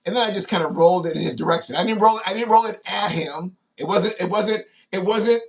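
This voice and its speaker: Higher-voiced man telling animated stories. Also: fast. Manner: animated anecdotes, many fillers and restarts. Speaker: former pro football player, guest. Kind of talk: casual interview storytelling.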